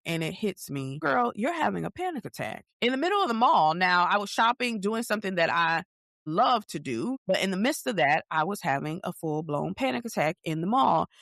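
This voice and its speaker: A woman's voice: fairly low pitch, no room sound, clean studio sound. A woman in a podcast, a therapist and host, telling her own story in a candid, confiding way and acting out her inner voice. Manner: candid, confiding, animated retelling with inner-voice quotes. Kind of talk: personal storytelling monologue.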